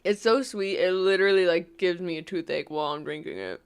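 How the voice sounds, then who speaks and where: A woman's voice: on the low side, a little fast, smooth. A young woman from New York vlogging casually, rambling with lots of "like" and frequent laughs. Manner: rambling, full of "like", laughs often. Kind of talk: casual storytime chat.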